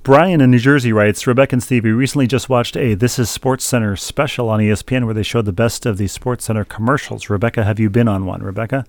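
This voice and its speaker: A man's voice: mid-range voice, steady tone, quick pace, hardly any pauses, no echo. A middle-aged man co-hosting a sports podcast, wryly reading listener mail with a meandering, filler-heavy delivery. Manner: wry, meandering, with many fillers. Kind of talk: casual sports chat.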